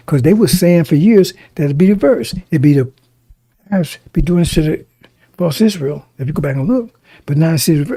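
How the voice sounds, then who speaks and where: A man delivers a sermon in a gravelly, husky voice, warm and low in tone. He hammers his points through repetition and keeps asking his listeners whether they follow. The recording is dry and close. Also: animated, moderate pace, no room sound. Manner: emphatic, repetitive, addresses listeners directly. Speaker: preacher.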